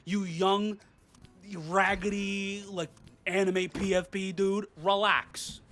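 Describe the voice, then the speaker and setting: A man's voice: high-pitched, level tone, a little slow, soft background music. A man reviewing games, ranting in a profane, exasperated way. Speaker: game reviewer. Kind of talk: ranting game commentary.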